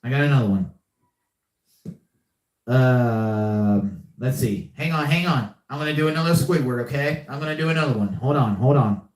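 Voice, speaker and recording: With a medium-pitched, animated voice at normal speed, the young podcast host chats casually on a live stream. The sound is reverberant, and he repeats himself often.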